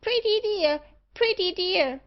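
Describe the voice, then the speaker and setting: Brief: shrieking high magpie, loud squawks, lo-fi audiobook. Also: female voice, lively intonation, slow, heavily acted. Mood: screeching. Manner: shrieking repeated cries. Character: shrill screeching pet magpie.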